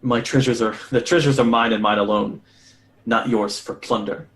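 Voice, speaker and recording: A man voicing a possessive male ghost in a tabletop game, using a deep, gravelly, slow and haughty voice. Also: fairly even intonation, close to an everyday voice.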